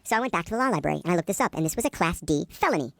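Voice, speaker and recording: A man telling a casual, profane anecdote as an interview guest, in an animated storytelling manner. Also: high-pitched, rapid-fire, vocal fry, no echo.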